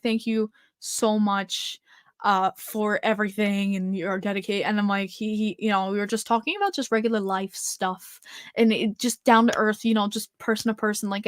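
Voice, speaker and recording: A young woman hosting a casual livestream podcast, gushing and excitable, swearing freely as she chats. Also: on the high side, no room sound, studio quality. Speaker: podcast host.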